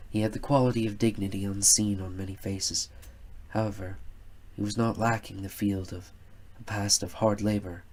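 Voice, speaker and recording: Low, husky male storyteller. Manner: measured, reflective first-person narration. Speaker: narrator. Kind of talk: scripted storytelling narration.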